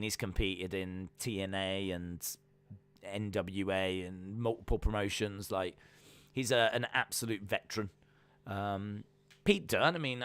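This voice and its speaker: A man's voice: fairly low pitch, sharp tone, clean tone. A man hosting a live wrestling reaction stream, chatting casually with lots of fillers and reading viewer comments aloud.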